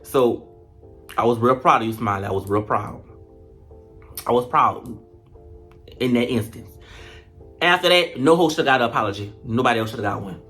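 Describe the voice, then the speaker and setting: A reality show reviewer talking in a casual commentary vlog, animated and profane, retelling scenes dramatically. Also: mid-range voice, normal speed, long pauses, soft background music.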